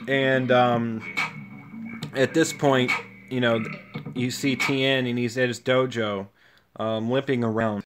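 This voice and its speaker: A man casually retelling a cartoon story, rambling and halting with lots of fillers. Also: mid-range voice, little pitch movement. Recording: music playing under the voice.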